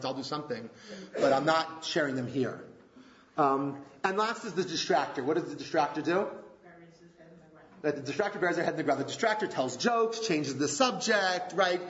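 A man leading a relationship workshop, asking the group rhetorical questions in an animated way. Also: mid-range voice. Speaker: workshop leader. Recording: echoey room, dull lo-fi sound.

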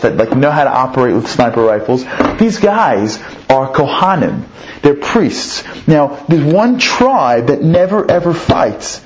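A man teaching through a story in an animated way, his voice climbing high on emphatic points and repeating words as he builds the tale. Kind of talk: storytelling lesson. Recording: dull lo-fi recording.

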